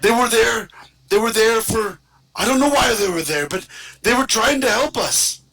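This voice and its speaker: A man doing an anxious pleading defender, higher. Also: moderate pace, creaky, sharp tone, exaggerated voice. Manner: pleading, insistent, repeating himself.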